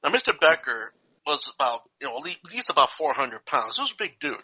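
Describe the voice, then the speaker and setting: A man with a very sharp, bright tone tells a folksy story in a casual podcast chat. He keeps checking in with "okay" and "you know" as he goes. The sound is muffled and lo-fi. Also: fairly high pitch, very animated, a little fast, husky. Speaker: podcast co-host. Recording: dull lo-fi podcast recording.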